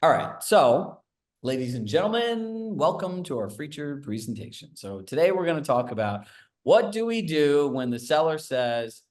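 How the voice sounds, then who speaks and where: Man, slightly high-pitched, coaching a live group, rapid asides, video call. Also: big pitch swings, darkish tone. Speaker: real estate sales coach.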